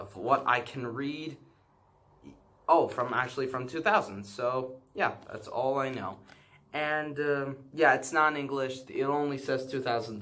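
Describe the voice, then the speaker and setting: A man's voice: medium pitch, fairly bright tone, slight background noise. Hesitant man rambling through a show-and-tell. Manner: rambling and hesitant, many filler sounds and self-corrections; apologetic about what he does not know. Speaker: vlogger showing his banknote collection.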